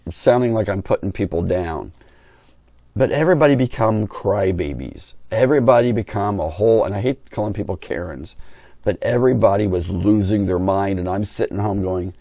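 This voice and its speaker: A man's voice: lowish voice, moderate pace, mellow, no echo, studio quality. A middle-aged man who hosts a hobby channel, telling a story in a blunt, opinionated way. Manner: blunt, opinionated, talks with his hands in words. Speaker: RC pilot and channel host. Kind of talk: candid storytelling rant.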